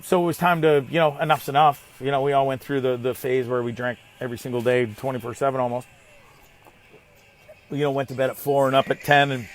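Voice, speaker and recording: A man in his thirties from Canada, hosting a live show and ranting in an animated, exasperated way, swearing and calling people names. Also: medium pitch. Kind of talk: ranting monologue.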